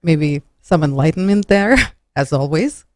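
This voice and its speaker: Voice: mid-range voice, unhurried, darkish tone, no echo. A radio show host interviewing a rabbi, asking polite questions with hesitant fillers.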